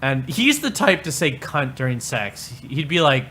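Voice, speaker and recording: A man's voice: fairly high pitch, sing-song, moderate pace, few pauses, sharp tone, slight background noise. Crude rambling male livestreamer. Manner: crude, rambling, mocking, breaks into laughter. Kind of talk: profane livestream rant.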